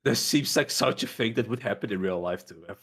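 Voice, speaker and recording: A man's voice: fairly low pitch, a little fast, fairly bright tone, slightly rough. A man co-playing on a game stream, trading dry, sarcastic quips in casual chat.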